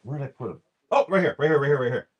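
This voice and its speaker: A young man rattles off card names in quick lists and jokes with his chat as he opens packs on a live stream. His pitch swings widely, jumping up and down as he talks. The delivery is loose and rambling. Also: lively intonation, breathy edge, dull audio. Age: young adult.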